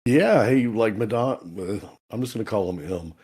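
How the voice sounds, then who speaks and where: Deadpan male comedy co-host, husky and low, crude humor. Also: normal speed. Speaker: podcast co-host. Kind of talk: casual comedy chat.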